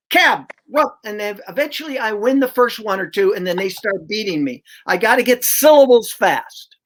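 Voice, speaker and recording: A man's voice: high-pitched, fairly bright tone. An older man, a reading coach, explaining his teaching method in an emphatic, conversational way, sounding out syllables aloud as he goes.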